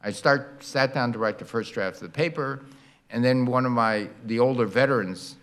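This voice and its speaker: An older man lecturing on science in a hall, with a middle-pitched voice. He is lively and playful, acting out little sound effects and demonstrations as he explains. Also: normal speed. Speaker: guest lecturer.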